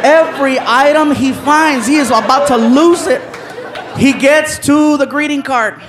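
A male comedian tells a story on a live stage, acting out each person with lively energy. His voice sits very high for a man. Audience noise and laughter fill the room around him. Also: a little slow. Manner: loud, animated, acts out characters' voices. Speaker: stand-up comedian. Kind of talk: stand-up storytelling. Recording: live show with crowd noise.

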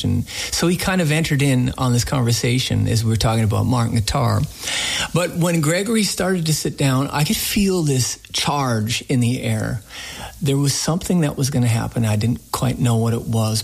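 A man, the host of a radio show, telling a story in a casual interview, animated and full of fillers. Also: mid-range voice, vocal fry.

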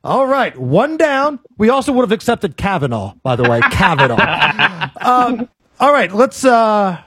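A man's voice: extremely high pitch, husky, no echo, clean studio sound. A male radio host, joking energetically through on-air banter. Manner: energetic, playful, quick to joke.

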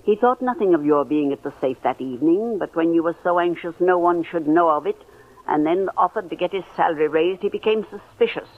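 A stern older aunt. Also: female voice, lowish voice, lively intonation. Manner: measured, firm and deliberate. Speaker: wealthy aunt confronting her nephew. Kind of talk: 1940s radio acting. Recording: narrow phone-like old radio recording.

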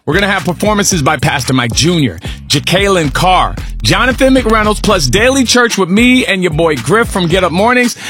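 A man's voice: high-pitched, expressive, normal speed, sharp tone, soft background music. A male radio show host giving an upbeat, sing-song promo read on a studio mic. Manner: hyped, sing-song number reading.

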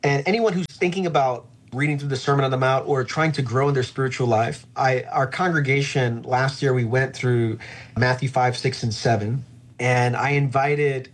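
Earnest pastor guy, husky voice, thoughtful and slowing on the big points. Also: mid-range voice, steady tone. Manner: reflective, earnest, slows to stress key phrases. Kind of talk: conversational interview about faith.

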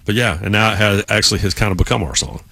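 Man, casual podcast chat, bright voice, dry close sound, animated storyteller. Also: on the low side, quick pace, vocal fry, no echo. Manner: storytelling, acts out quoted voices.

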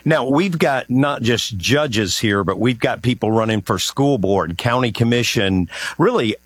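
A man's voice: medium pitch, expressive, unhurried, dry recording. A man with a Southern American accent hosting a talkative, friendly interview. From United States. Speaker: show host, interviewer. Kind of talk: conversational interview.

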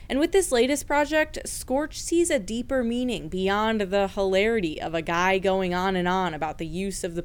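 A woman radio reporter reading a scripted news feature. Her voice is smooth and resonant, and her delivery is measured and even. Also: medium pitch.

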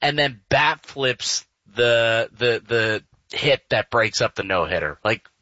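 A man's voice: medium pitch, slow, no room sound, lo-fi sound. A man co-hosting a sports talk show, talking casually and venting with exaggerated outrage. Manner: animated, vents with exaggerated outrage. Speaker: sports radio co-host.

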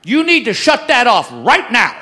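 A stand-up comedian playing a bossy, shrill woman flight attendant in a live club. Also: wildly swooping pitch, moderate pace, pushed and bright, heavily acted. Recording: live club, crowd laughter, noisy.

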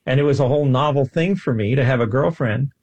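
Husky earnest man telling a story. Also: mid-range voice, fast talker, darkish tone, dull audio. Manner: earnest, enthusiastic, self-deprecating. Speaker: guest, scientist. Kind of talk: casual storytelling interview.

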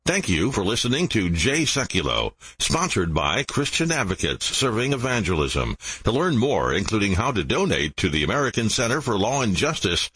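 A man giving station announcements in a brisk, polished radio announcer read. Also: on the low side, very animated, a bit bright, breathy edge, rough recording.

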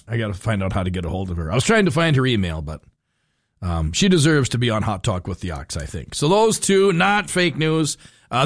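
A man's voice: medium pitch, no room sound. A man hosting a talk radio show in a studio, joking and rambling with loose restarts. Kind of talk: casual talk radio banter. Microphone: studio microphone.

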